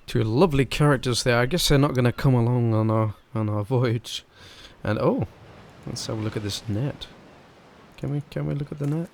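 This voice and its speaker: A man's voice: medium pitch, normal speed, gravelly. A man giving casual, offhand commentary while playing a video game. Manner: chuckling, offhand asides. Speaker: let's play commentator.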